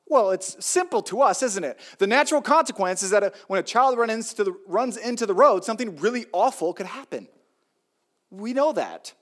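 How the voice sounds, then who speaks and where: A man's voice: high voice, lively intonation, quick pace, fairly bright tone. Pastor, middle-aged man, chatty sermon, swoops up and down a lot, punchy repeats. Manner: conversational and joking, with emphatic repetition.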